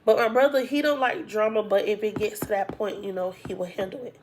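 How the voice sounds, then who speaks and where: A woman casually telling viewers a personal story in an animated, colloquial way, using "y'all" and "like" a lot. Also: mid-range voice, a little fast, few pauses. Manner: animated, acts out quoted dialogue, heavy use of "like". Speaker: storytime vlogger.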